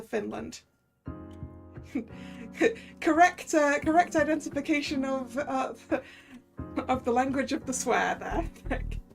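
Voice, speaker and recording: A woman's voice: high-pitched, gravelly. A woman streamer commenting casually on a game, chatty and giggly, poking fun at herself. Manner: chatty, giggly, self-mocking.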